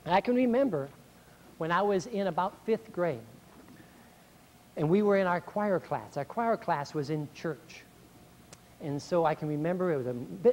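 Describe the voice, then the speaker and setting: A middle-aged speaker addresses school staff with a motivational talk in a speech hall, captured in 1990. His voice runs a little high with some hiss or hum, and he animatedly acts out complaints, raising his voice.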